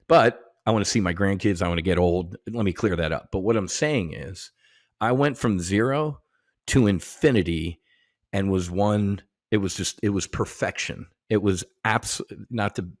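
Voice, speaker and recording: Low-voiced man telling stories loosely. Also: moderate pace, no echo, clean studio sound. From United States. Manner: profane, animated storytelling with many restarts and slang. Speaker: podcast guest. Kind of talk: casual conversation.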